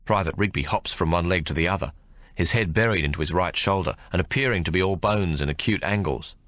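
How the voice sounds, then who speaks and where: A man reading an audiobook as narrator, expressive in his storytelling. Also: a little fast, no room sound. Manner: expressive storytelling with lively pitch. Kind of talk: scripted narration.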